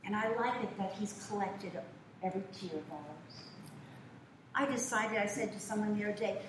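An older woman preaches in a church sanctuary with a conversational, storytelling style and folksy asides, her voice medium in pitch and at a normal speed. The mic is far away, so the church echoes and room noise is audible.

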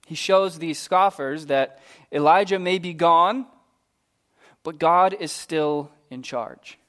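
High-voiced man preaching a lively sermon. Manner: animated storytelling, acting out biblical characters in casual voices.

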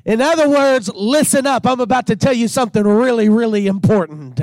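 A man preaching as a pastor, fervent and emphatic, building into shouted passages. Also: extremely high pitch, big pitch swings, moderate pace, hardly any pauses, dry recording. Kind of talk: sermon.

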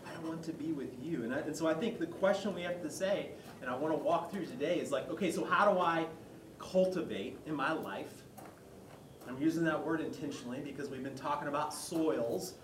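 A male pastor giving a conversational sermon, retelling a story with lively quoted voices. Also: a little high, brisk, a little hiss or hum. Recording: echoey hall, mic far off.

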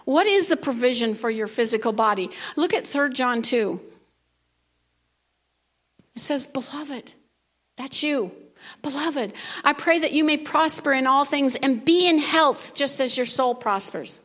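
A woman pastor preaching a sermon in a church, reading scripture aloud and building to forceful declarations. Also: high voice, lively intonation, a little slow. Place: church sanctuary.

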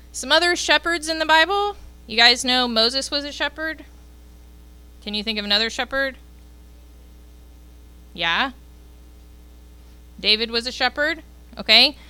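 A woman's voice: on the high side, bright, forceful tone, clear, resonant tone, no room sound. A woman leading a youth group, giving a casual Bible lesson and often checking in with the group by asking "okay?".

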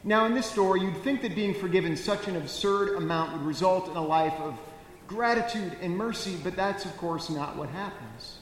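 A man preaching a sermon as pastor, telling the story with animated, wry comic asides. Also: sits high. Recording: echoey church hall with faint noise.

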